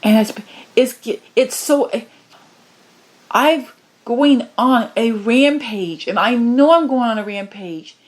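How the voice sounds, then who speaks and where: A woman with a somewhat high voice delivers a channeled spiritual message. She pleads with passion, dropping into low murmurs and rising into high, urgent cries. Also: takes it slowly.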